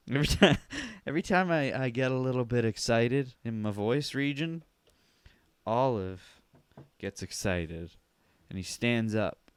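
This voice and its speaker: A man's voice: mid-range voice, slow, pauses often, clear, resonant tone, no room sound, studio quality. A man hosting a casual solo podcast from his home basement, joking around and swearing freely on a headphone-monitored mic. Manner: profane, joking, animated. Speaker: podcast host. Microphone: headphones and studio mic.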